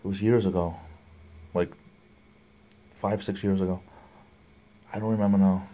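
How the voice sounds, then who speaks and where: A man's voice: low voice, steady tone, moderate pace, dark tone. A man hosting a casual livestream, rambling, laughing often and greeting viewers by name as he reads their comments. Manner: laughs often between remarks. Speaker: livestream host. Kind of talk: casual live chat reading viewer comments.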